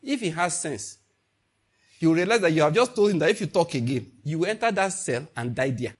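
A man's voice: a little high, animated, a little fast, husky. A man preaching a sermon to his congregation, acting out little dialogues and laughing along the way. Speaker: pastor.

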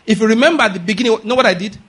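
A man's voice: high voice, rapid-fire, fairly bright tone, husky. A man preaching a sermon as a pastor, pressing his points with repeated questions to the congregation. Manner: emphatic, drills points with call-and-response questions.

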